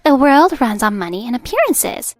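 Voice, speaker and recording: A woman's voice: sits high, sing-song, moderate pace, no echo. A woman voicing a haughty, mocking young daughter-in-law in a narrated drama story, with a sneering, dismissive way of talking. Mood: cold.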